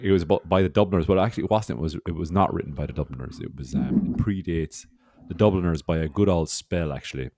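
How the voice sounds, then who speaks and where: A man's voice: low voice, fast talker, few pauses, mellow. A man co-hosting a podcast in casual chat, loose and teasing, swearing freely. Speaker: podcast co-host.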